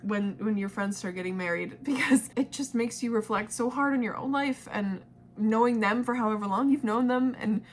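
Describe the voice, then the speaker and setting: A woman in her twenties, vlogging casually and talking to her past self, emotional and quick to laugh and tear up. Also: fairly high pitch, slight background noise. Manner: emotional, laughs and cries easily, swears casually.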